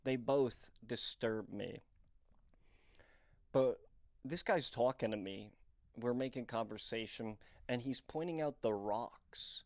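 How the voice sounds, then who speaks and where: A man's voice: mid-range voice, slow, a little mellow, dry recording, clean studio sound. A young adult man from the northeastern United States, a comedian telling candid personal stories in a rambling, self-deprecating way with many fillers. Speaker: comedian and storyteller. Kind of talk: candid storytelling monologue.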